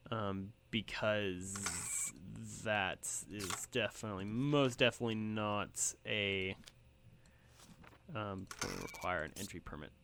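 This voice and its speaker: Gaming host, male, bright forceful tone, rambling filler-heavy chatter, faint noise behind. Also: on the low side, slow. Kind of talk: casual gameplay commentary.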